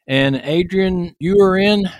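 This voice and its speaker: A man's voice: high-pitched, unhurried, a little hiss or hum. A man with a Texan accent hosting a podcast interview, talking in a chatty, joking way with rambling asides, from his home office. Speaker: podcast host. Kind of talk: casual interview chat. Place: home office in an upstairs bedroom.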